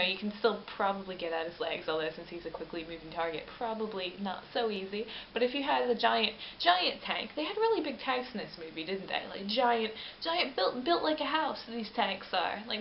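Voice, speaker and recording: Chatty woman in a roomy, dull recording. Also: mid-range voice. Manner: chatty and animated, rambling with self-corrections. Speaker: vlogger. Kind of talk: casual film review chat. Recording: roomy, dull lo-fi webcam audio with faint hiss.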